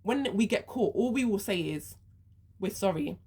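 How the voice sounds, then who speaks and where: A woman's voice: mid-range voice, animated, moderate pace, darkish tone, breathy edge. A woman speaking her views in an earnest monologue, walking through a hypothetical first-person story step by step. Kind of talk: reflective monologue.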